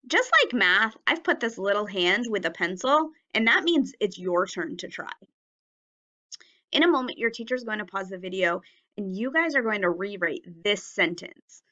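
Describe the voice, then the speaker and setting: A woman teacher leading a children's writing lesson on video, speaking slowly and enunciating words carefully so young learners can follow. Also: medium pitch, bright, forceful tone, highs cut off. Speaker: elementary teacher.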